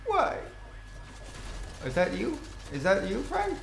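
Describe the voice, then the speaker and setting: A young man giving excitable gameplay commentary, swearing and yelling at the game. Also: mid-range voice, a little slow. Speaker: gaming commentator. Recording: echoey room with faint noise.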